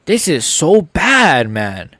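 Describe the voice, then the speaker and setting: A man's voice: on the high side, wildly swooping pitch, slow pace, fairly bright tone, no room sound. A young man hosting a live fight reaction, ranting heatedly and swearing. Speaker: MMA channel host.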